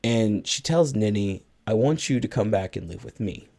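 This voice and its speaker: Man, podcast co-host, fairly low voice, casual plot recap, acts out film lines. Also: lively intonation, normal speed, gravelly, dark tone. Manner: retells a film plot at length, acting out lines of dialogue. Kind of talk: casual movie recap chat.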